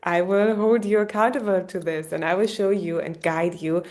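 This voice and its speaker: A woman with a German accent talks straight to the listener as a business coach wrapping up a masterclass. Her delivery is warm and encouraging, and she keeps checking in with a quick "yeah?" between points. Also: on the low side, fairly even intonation. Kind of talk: masterclass sales pitch.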